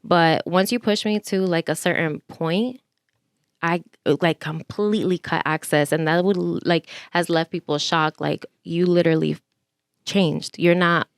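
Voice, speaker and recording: A woman's voice: on the low side, fairly even intonation, clean tone, no room sound, clean studio sound. A young woman co-hosting a podcast, chatting casually and filling her talk with "like". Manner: chatty, quick asides with frequent "like". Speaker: podcast co-host. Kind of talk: casual chat.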